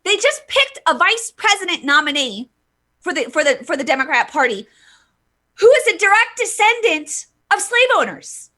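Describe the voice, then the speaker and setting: Her voice extremely high-pitched, pushed, and bright, a woman goes on a heated political rant while hosting a live vlog. She's very animated and speaks at normal speed, hitting words hard, restarting after stumbles, and reading comments from viewers.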